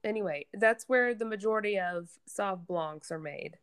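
A woman co-hosting a casual chat, calm and measured, reading reviews aloud. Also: medium pitch, clear, resonant tone. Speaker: podcast co-host.

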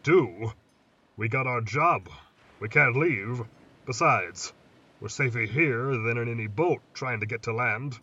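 A man's voice: medium pitch, husky, full character voice. A man doing a brooding old lighthouse keeper. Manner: slow, hushed, musing storyteller. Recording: distant muffled mic, faint hiss.

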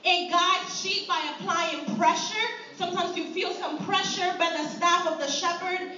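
A woman preaching a sermon in a church, impassioned, swinging from near-shouts to low, quiet lines. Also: fairly even intonation, measured pace. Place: church sanctuary. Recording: echoey hall from far off, dull.

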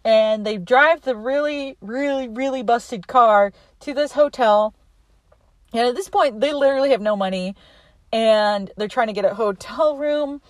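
Young woman, casual, chatty, quick laughs, highish pitch, dry sound. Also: no echo. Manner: chatty, laughs often, quotes characters in lively voices. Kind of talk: casual movie recap.

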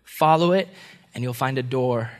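A man voicing a young self-sacrificing prince, urgent in his raised pleas and hushed in his instructions. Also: mid-range voice, normal speed, voice pushed down, close to an everyday voice.

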